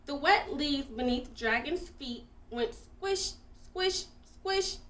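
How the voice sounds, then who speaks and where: A woman reading a children's picture book aloud with expressive, animated storytelling, in an echoey room away from the mic. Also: high-pitched, slow, distant mic. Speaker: storybook reader.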